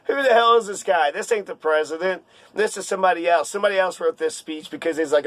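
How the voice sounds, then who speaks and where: Heated male commentator, sarcastic rant, high-pitched, dry close mic. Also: steady tone, brisk, few pauses, a bit bright, dry recording. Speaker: political commentator. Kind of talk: casual ranting commentary.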